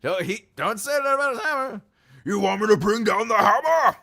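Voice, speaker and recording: A man's voice: sits high, expressive, fairly quick, vocal fry, bright, forceful tone. A middle-aged man hosting a casual livestream, playful and laughing often, with bursts of mock-epic proclamation. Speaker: livestream host.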